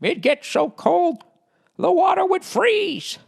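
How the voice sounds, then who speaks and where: A man voicing a cranky old grandfather telling grandkids about the past in a high, drawn-out, shouting voice. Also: big pitch swings, gravelly, exaggerated voice. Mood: reminiscing.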